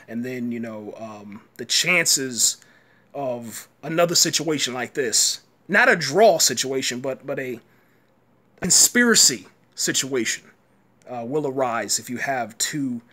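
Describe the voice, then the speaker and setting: A man's voice: medium pitch, bright, forceful tone. A man giving a live, rambling reaction rant, frustrated and full of fillers like "man". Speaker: boxing commentator host.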